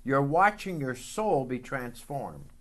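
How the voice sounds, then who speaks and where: A male pastor delivering a sermon, leading his congregation line by line before drawing out each verse of scripture. His pace is unhurried and measured, while his pitch swings widely as he stresses key words. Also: huge pitch swings. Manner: call-and-response preaching, slow deliberate scripture reading.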